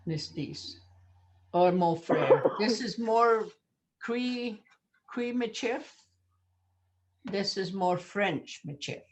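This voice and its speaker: A woman's voice: medium pitch, takes it slowly, long pauses. An older woman teaching a language lesson over a video call, patiently repeating words for her learners.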